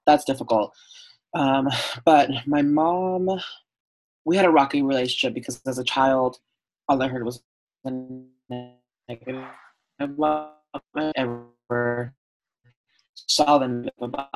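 Over soft background music and poor audio, a man with a mid-range voice and fairly even intonation speaks slowly, pausing often. He's a podcast guest from Southern California, USA, telling heartfelt stories candidly in a conversational interview, full of "um" and "like."

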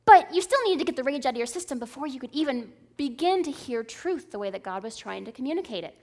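A woman in her thirties delivers a sermon with a slightly high voice. She preaches in an earnest, conversational way and keeps checking in with the listeners. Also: animated, fast. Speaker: speaker at a church service.

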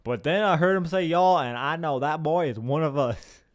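A man's voice: on the high side, normal speed, voice pushed up, lightly acted. A man voicing a folksy male Southern fan with a Southern US accent, drawling and homespun. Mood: approving.

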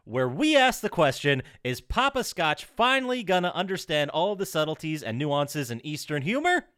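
Animated man hosting a podcast. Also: fairly high pitch, normal speed, clear, resonant tone, no echo, clean studio sound. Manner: animated, reads out trivia and leads segments. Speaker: podcast host. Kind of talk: casual podcast chat.

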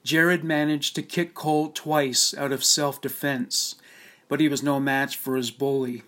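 A man's voice: mid-range voice, flat delivery, a little slow, fairly bright tone. Solemn male documentary narrator.

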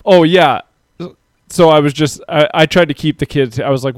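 A man's voice: on the high side, normal speed, no room sound. Rambling man in casual chat, dry sound. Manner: rambling, laughs often, swears casually. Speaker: podcast co-host.

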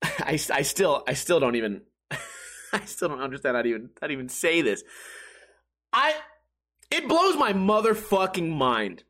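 A young man hosting a podcast, ranting loudly and profanely with bursts of exasperated laughter. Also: on the high side, sing-song, normal speed, pauses often. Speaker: podcast host. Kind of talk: casual ranting monologue.

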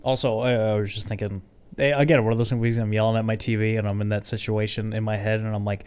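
Animated young man retelling a film. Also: fairly low pitch, quick pace, clean tone. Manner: animated storyteller, mimics characters. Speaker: podcast co-host. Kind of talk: casual movie discussion.

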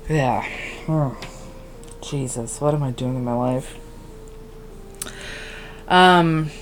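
Sleepy young woman podcasting, low voice, slow drawl, scatterbrained valley-girl fillers. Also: slight background noise. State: sleep-deprived, tired. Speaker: podcast host. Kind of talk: casual solo podcast chat. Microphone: podcast microphone.

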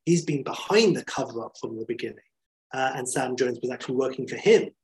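A man's voice: mid-range voice, lively intonation, brisk, darkish tone, poor audio. A man, a podcast host, telling a story in enthusiastic, chatty talk with many fillers. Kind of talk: casual storytelling chat.

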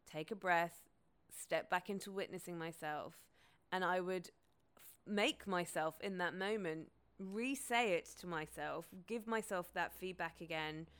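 A woman's voice: fairly low pitch, fairly bright tone, smooth. A woman, hosting a podcast in a candid, casual, sweary monologue. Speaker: podcast host.

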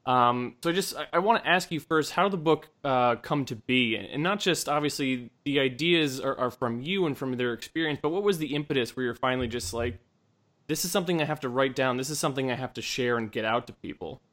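A man hosting a podcast, reading a measured introduction and then asking questions with some hesitation. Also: medium pitch, fairly bright tone. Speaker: podcast host.

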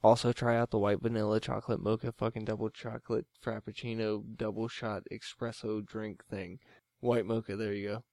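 A man's voice: fairly low pitch, little pitch movement, brisk, a little mellow, no echo, studio quality. A man co-hosting a late-night podcast, chatting casually with a profane, rambling manner and frequent laughter. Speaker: podcast co-host.

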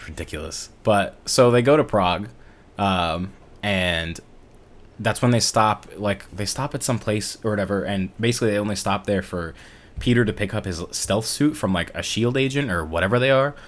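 Low-voiced laid-back man recapping a movie. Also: moderate pace. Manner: laid-back, rambling, drops swear words and laughs. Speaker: podcast co-host. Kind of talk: casual movie recap chat.

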